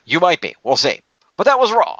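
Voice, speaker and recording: A man's voice: sits high, wildly swooping pitch, a little fast, a bit bright, dry recording, dull audio. Sarcastic man reading fantasy scores. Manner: dry sarcastic, reads out scores. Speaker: podcast co-host. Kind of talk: casual chat.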